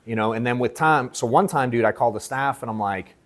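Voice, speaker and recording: Man, sales coach, casual storytelling to a workshop audience, slangy and profane, animated quotes. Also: mid-range voice, fast. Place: event room at an in-person workshop.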